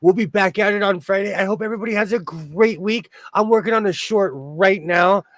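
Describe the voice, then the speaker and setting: A man's voice: high voice, brisk, a bit bright, no echo. A man hosting a casual sewing livestream, chatty and rambling, laughing often. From Los Angeles area. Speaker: host.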